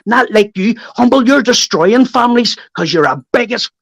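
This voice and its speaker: Northern Irish man, 30s, high voice, dry close sound, confrontational stream guest. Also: expressive, moderate pace, gravelly, a bit bright, dry recording. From Northern Ireland. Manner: threatening, repetitive, keeps adding "mate". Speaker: guest on a live chat stream. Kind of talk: heated live-stream call-out.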